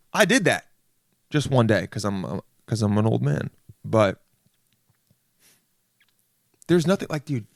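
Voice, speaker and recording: A man's voice: on the low side, creaky, no echo, studio quality. A young man hosting a solo podcast, rambling through a comedic rant and slipping into mocking put-on voices of other people. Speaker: podcast host.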